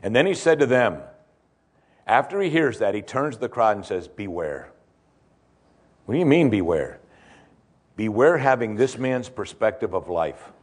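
A man's voice: medium pitch, animated, moderate pace. A man preaching an expository sermon as a pastor, repeating key points and asking rhetorical questions.

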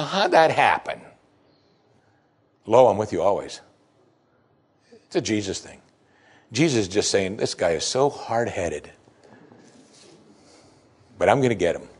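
Male pastor, husky tone, very expressive pitch, sermon delivery that drops low then bursts out. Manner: animated preaching, swinging from soft asides to loud exclamations.

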